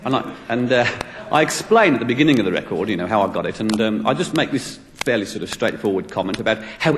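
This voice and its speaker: A man's voice: on the low side, animated, fast talker, few pauses. A man with a Birmingham accent telling a rambling, self-mocking stand-up story in a large hall. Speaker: comedian. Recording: echoey hall, loud background noise.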